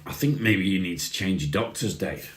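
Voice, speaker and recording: A man with a very deep, low voice chats casually on a livestream, reading comments and answering them in a relaxed, friendly way. The room around him sounds echoey. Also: moderate pace. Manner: relaxed, chatty, says mate often. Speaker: livestream host.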